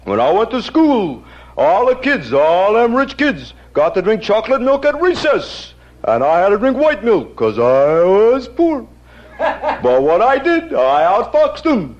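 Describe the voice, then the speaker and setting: Yogi Bear, a boastful cartoon bear. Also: male voice, high-pitched, huge pitch swings, full character voice. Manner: slow drawling storytelling with chuckles. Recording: dull lo-fi archive recording.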